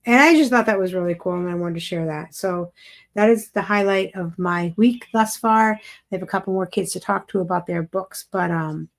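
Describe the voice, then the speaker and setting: A woman's voice: fairly low pitch, moderate pace, creaky. A woman teacher chatting on a live-stream show, telling a story with a lot of enthusiasm and plenty of fillers. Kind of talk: casual live-stream chat.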